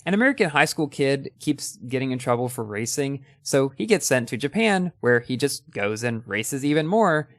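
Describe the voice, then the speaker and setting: A man's voice: medium pitch, sing-song, moderate pace, few pauses, dry recording, clean studio sound. A young man hosting a casual ranking of his favorite movies, talking with enthusiasm and a few ums and restarts.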